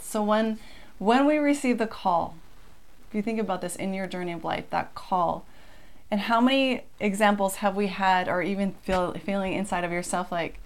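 A woman co-hosting a casual scripture lesson, reading verses aloud and talking them through in a relaxed, conversational way. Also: mid-range voice, normal speed. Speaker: co-host of a scripture study.

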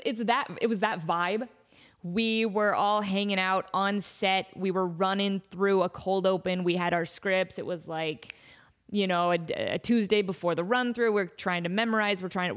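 Animated woman host in her thirties, casual storytelling, giggly and upbeat. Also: fairly low pitch. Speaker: podcast host.

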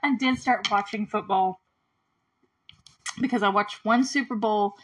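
A woman's voice: mid-range voice, rough recording. A woman hosting a podcast, recapping a TV episode in casual chat and laughing often as she retells the scenes. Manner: giggly, chatty, retells scenes with quick quotes. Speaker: podcast host.

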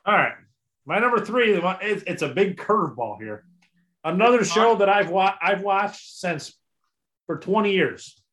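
A man on a casual podcast, trading laid-back jokes with his friend the host. His voice is high for a man and sharply bright. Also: animated, unhurried. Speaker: podcast guest.

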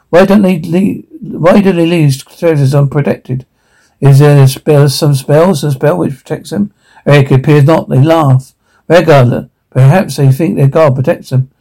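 A man reading a drama script aloud, sound cues and all, in a halting way with frequent restarts. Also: fairly high pitch, steady tone, gravelly, warm tone, poor audio.

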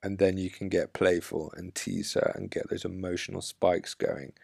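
A man with a low, gravelly voice delivers blunt dating advice at an unhurried pace. He speaks assertively and with emphasis, like a coach. The sound is dry and close, with no room echo. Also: little pitch movement, darkish tone. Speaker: dating coach podcast host. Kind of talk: podcast monologue giving dating advice.

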